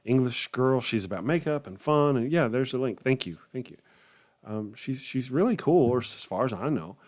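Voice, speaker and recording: A man's voice: medium pitch, animated, moderate pace, a little mellow. A man hosting a morning livestream, chatting casually with viewers in a rambling way, often chuckling and trailing off. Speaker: livestream host. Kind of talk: casual chat reacting to viewer comments.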